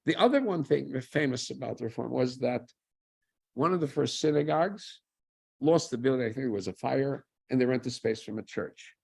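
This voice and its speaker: Male lecturer with a husky voice. He asks himself questions, answers them with dry humor and keeps it conversational. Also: mid-range voice, expressive, normal speed, darkish tone. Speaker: lecturer on Jewish history. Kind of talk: informal history lecture.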